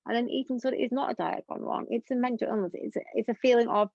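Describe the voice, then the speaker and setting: A young woman, appearing as an interview guest, talks candidly in an earnest, rambling style packed with fillers. Her voice is on the high side and a little mellow, with a steady tone and a very fast delivery. The dull, lo-fi recording is dry, with no room sound.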